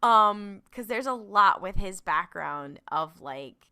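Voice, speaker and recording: A woman's voice: mid-range voice, animated, measured pace, sharp tone, smooth. A woman co-hosting a podcast, chatting casually and animatedly, swearing and laughing often. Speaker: podcast co-host. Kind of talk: casual chat.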